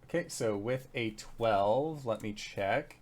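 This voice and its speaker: A man running a tabletop game, talking slowly and loosely, with lots of "like" and "uh." His pitch sits in the middle range. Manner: loose, full of fillers. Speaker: game master.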